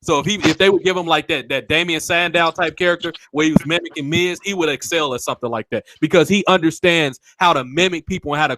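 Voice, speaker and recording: A man's voice: on the high side, fairly bright tone, no room sound. A man hosting a casual wrestling talk show, speaking bluntly and swearing freely. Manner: blunt and profane. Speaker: podcast host.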